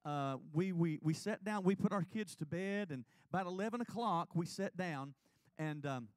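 A man's voice: high-pitched, moderate pace, no room sound. A man, preaching in church and telling his own testimony in an earnest, confessional way. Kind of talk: sermon testimony. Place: church sanctuary.

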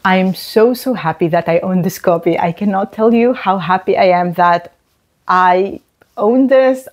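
A woman talks through her monthly reading at a slow, deliberate pace. Her voice sits at a medium pitch, and she stresses her points by repeating words, as in a casual book review video. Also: a little mellow.

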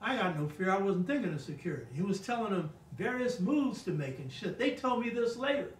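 Older man, high-pitched, emphatic storyteller, casual talk, roomy echo, set back from the mic. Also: big pitch swings, a little fast, recorded from a distance, slight background noise. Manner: emphatic, keeps asking "you know what I mean?". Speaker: guest speaker on a talk show.

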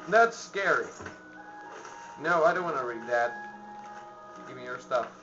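A man commentating a game he plays, panicking and yelling at enemies, then muttering to himself. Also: medium pitch, moderate pace. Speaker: let's play gamer. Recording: dull lo-fi with faint music.

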